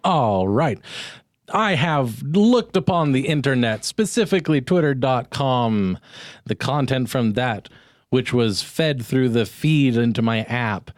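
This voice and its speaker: A male podcast host reads tweets aloud in a playful, mock-grand tone. His pitch swings freely, and he takes his time. The sound is dry and close-miked. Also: animated, takes it slowly, no room sound. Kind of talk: casual comedy podcast chat.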